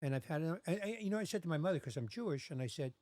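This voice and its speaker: A man's voice: on the high side, very fast, no echo. A man in his sixties telling a personal story in casual podcast chat, acting out the voices of the people in it. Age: 60s. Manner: animated, acts out quoted voices.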